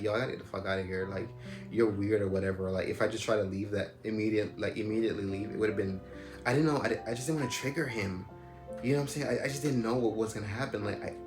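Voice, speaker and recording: A young man tells a personal story in a loose, rambling way, full of fillers and restarts. His voice sits a little low. The room is echoey and loud music plays underneath. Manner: rambling, heavy use of "like" and "you know what I'm saying". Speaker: storyteller recounting a personal experience. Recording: roomy echo with loud music behind.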